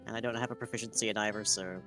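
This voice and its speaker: A man's voice: lowish voice, steady tone, very fast, music in the background. A man talking as a player in a tabletop game, dry and matter-of-fact. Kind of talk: casual play talk.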